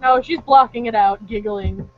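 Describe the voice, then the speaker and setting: A woman's voice: fairly high pitch, moderate pace. A woman in an online tabletop role-play, briefly narrating what her character does. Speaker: player. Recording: muffled voice chat with faint noise.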